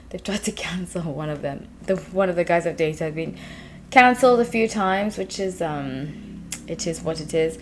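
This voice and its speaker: Woman, thirties, low-pitched, chatty, meandering, filler-heavy casual storytelling. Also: darkish tone, slight background noise. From England and South Africa. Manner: chatty, digressive, many fillers. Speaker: tarot reader, channel host.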